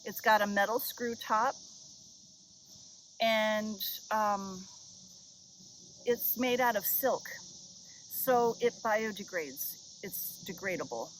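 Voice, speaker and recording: A woman's voice: medium pitch, steady tone, drawn-out words, pauses often, a little hiss or hum, poor audio. A woman chatting casually to her viewers in a rambling, self-deprecating vlog, recorded on a head-mounted camera outdoors on a river island. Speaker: vlogger. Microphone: head-mounted action camera. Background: insects and nature sounds.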